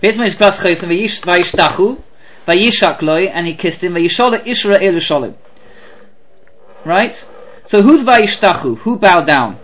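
A man teaching a class on the weekly Torah portion, animated and full of rhetorical questions. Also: sits high, unhurried, lo-fi sound. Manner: animated, rhetorical questions, mixes Hebrew terms.

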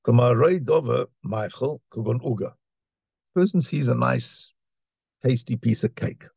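A man's voice: mid-range voice, animated, unhurried, creaky, a little mellow, husky, no room sound, muffled recording. A man teaching a Torah class, reading Hebrew phrases and explaining them in English, often repeating words as he searches for the next one. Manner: reads Hebrew lines then translates, with repetitions and restarts.

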